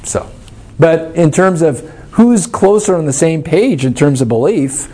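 Guy teaching a church class, kinda high voice but soft and mellow, thinks out loud, a bit wry. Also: animated, measured pace. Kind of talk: informal teaching talk, answering questions.

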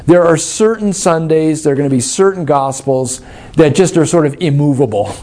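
A man's voice: fairly high pitch, moderate pace, dark tone. A man leading a church study class, explaining things in an informal, thoughtful and wry way while answering questions.

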